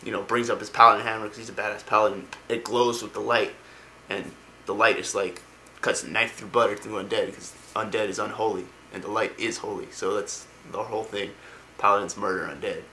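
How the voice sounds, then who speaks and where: A man's voice: lowish voice, fairly even intonation, a little fast, bright, forceful tone, a little hiss or hum. A man casually retelling video game lore, rambling with lots of ums and likes. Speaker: lore explainer.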